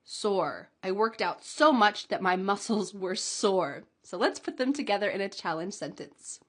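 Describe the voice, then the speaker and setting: A woman teaching English pronunciation, enunciating each demonstration word slowly and clearly and laughing lightly now and then. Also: medium pitch, animated. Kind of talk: pronunciation lesson.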